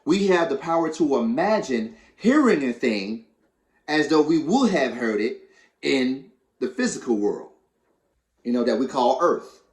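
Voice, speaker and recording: A man coaching his viewers in a conversational way, often repeating himself and filling pauses. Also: mid-range voice, big pitch swings, echoey room. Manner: conversational, repeats phrases, many fillers. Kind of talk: teaching talk to viewers.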